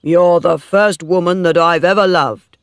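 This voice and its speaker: A man reader voicing a wounded, jealous farmer who speaks forcefully. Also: sits high, fairly even intonation, measured pace, clear, resonant tone, dry recording, clean studio sound. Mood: hurt. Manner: forceful, anguished. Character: wounded older male farmer, jealous and intense. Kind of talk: dramatic story reading.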